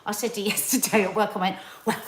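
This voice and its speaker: A woman's voice: medium pitch, fairly even intonation, quick pace, slight background noise. A middle-aged woman co-hosting a casual chat, talking in an impassioned, emphatic way and repeating words for stress. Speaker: co-host of a family talk channel. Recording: roomy echo.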